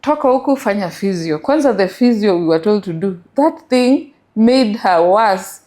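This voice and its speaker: A woman's voice: mid-range voice, animated, moderate pace, dark tone. A middle-aged woman with a Kenyan accent, telling her story as an interview guest and mixing English with Swahili.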